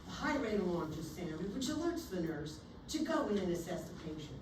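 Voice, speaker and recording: A woman's voice: fairly low pitch, a little fast. A woman nursing instructor lectures with theatrical flair and acts out scenes at the bedside. Her voice carries through an echoey room and comes from a distance. A faint hum of the room sits behind her. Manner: animated, theatrical, acts out scenarios. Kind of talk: classroom lecture. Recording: echoey room, recorded from afar.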